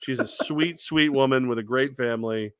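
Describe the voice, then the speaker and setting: A man's voice: medium pitch, normal speed, crowd noise. A man co-hosting a sports talk show, telling stories animatedly and acting out what people said. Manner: animated storyteller who acts out quoted voices.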